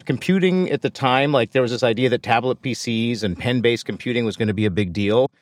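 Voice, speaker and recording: Fast-talking, excited man telling a story. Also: medium pitch. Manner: enthusiastic, animated storyteller. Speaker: startup founder and podcast guest. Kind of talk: casual storytelling in conversation.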